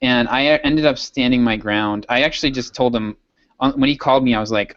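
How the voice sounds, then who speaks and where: A man's voice: mid-range voice, a little fast, a bit bright, no room sound. A man co-hosting a podcast, telling a rambling story in casual chat and laughing often. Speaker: podcast co-host. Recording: dull, dry lo-fi sound.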